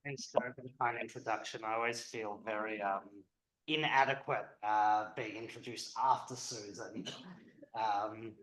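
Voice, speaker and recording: A man's voice: fairly low pitch, fairly even intonation, normal speed, fairly bright tone, echoey room, poor audio. A man speaking at a public event as a historian, conversational and hesitant with frequent ums.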